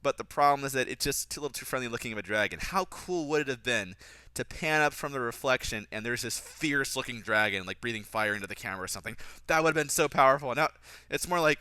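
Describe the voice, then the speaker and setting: Guy picking apart a movie scene by scene, bright edgy voice, kinda sarcastic. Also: fast, clean tone, no room sound. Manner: critical, mocks dialogue in a higher voice. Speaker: film commentator. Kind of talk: casual film commentary.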